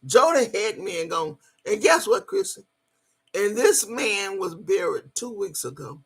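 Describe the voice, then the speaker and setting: A woman's voice: medium pitch, big pitch swings, measured pace, husky. A woman, telling a story in a blunt, emphatic way and cussing freely. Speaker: vlogger. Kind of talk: profane storytelling monologue.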